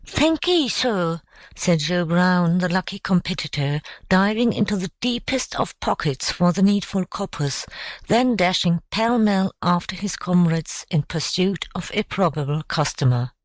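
A woman narrating an audiobook story in a measured, steady reading voice. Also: on the low side, dry recording. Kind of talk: scripted narration.

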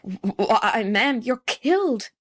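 A woman's voice: sits high, drawn-out words, full character voice. A city policeman, stern by habit yet badly shaken, as a woman reads his lines. He talks in short, gasping remarks. The voice comes from a storybook read aloud.

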